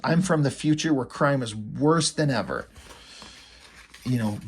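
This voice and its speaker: A man's voice: medium pitch, husky. A man casually recapping a comic book, loose and rambling with many fillers. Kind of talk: casual comic review narration.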